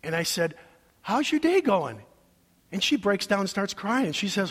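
A man preaching a sermon as pastor, telling a personal story with emotion, his voice going from soft asides to loud cries. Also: high voice, big pitch swings, normal speed. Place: large church sanctuary. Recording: long hall reverb.

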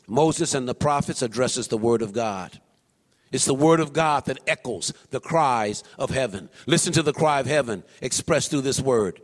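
A man preaching a sermon in a church, swinging from low murmurs to high, shouted calls. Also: unhurried, big-room sound. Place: church sanctuary.

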